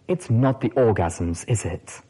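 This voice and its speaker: A man reading the part of an adult female pony radio host, gentle and playfully teasing, with a lively, husky tone. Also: lowish voice, measured pace, low-quality recording.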